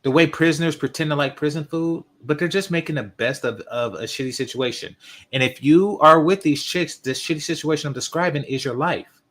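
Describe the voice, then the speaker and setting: A man's voice: fairly high pitch, fairly quick, a bit bright. A man hosting a reaction video, commenting with open scorn over a clip. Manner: scornful, mocking.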